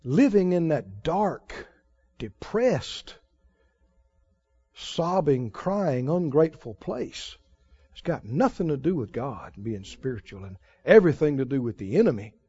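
A man preaching a sermon in an animated style, mimicking wailing prayers to make his point. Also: a little high, measured pace, husky. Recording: muffled lo-fi sermon recording.

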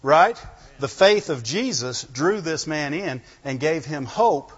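Male pastor, conversational sermon with chuckles, slightly high voice, long hall reverb. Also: animated, takes it slowly, fairly bright tone, breathy edge, lo-fi sound. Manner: keeps asking the congregation "right?" and "amen?"; chuckles between points. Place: church hall.

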